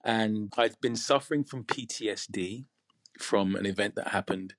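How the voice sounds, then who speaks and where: An English man talks candidly as an interview guest, measured and reflective, with pauses between his thoughts. His voice sits low. The sound is close and dry. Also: dry recording. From United Kingdom. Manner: reflective, measured, pausing often. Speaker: podcast guest, actor.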